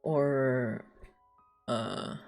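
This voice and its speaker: A woman's voice: extremely low pitch, steady tone, extremely slow, a little mellow, faint music behind. A young woman streaming live, chatting casually in a rambling, giggly way with lots of filler words. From United States.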